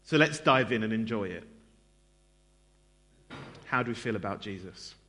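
A man's voice: fairly low pitch, expressive, moderate pace, bright, forceful tone. A man giving a conversational sermon in a church, self-deprecating and chatty, with lots of fillers and asides to the congregation. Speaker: preacher.

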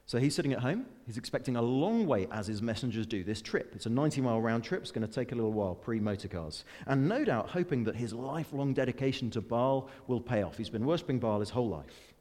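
An earnest male preacher delivers a sermon, slowing for weighty scripture readings and slipping into chatty, self-deprecating asides. His voice sits in a middling pitch. A long hall reverb trails after his words. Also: expressive, warm tone. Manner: earnest, with rising emphatic peaks and slowed, weighty readings.

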